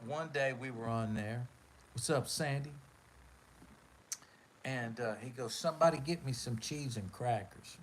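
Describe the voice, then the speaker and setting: A man hosts a live stream and tells a long road story in a rambling, laid-back way, filling it with "man" and "you know". His voice sits at an ordinary middle pitch. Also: slight background noise, low-quality recording. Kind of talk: casual storytelling.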